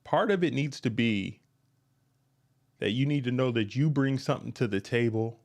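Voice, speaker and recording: A man's voice: medium pitch, normal speed. A man hosting a podcast, giving blunt, emphatic dating advice straight to listeners and repeating his points. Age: adult, past his youth. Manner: emphatic, repetitive, blunt and frank. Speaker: podcast host. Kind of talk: direct-to-listener advice monologue.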